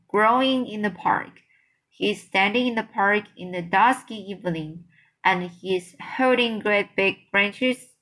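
A woman reading a children's book aloud, voicing a huge gentle old male giant who talks slowly and mixes up his words. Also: medium pitch. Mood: storytelling. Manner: slow, drawn-out speech with jumbled words.

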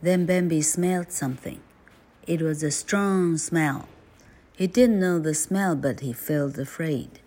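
A woman host narrating a storybook slowly and gently, switching between two languages. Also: low-pitched.

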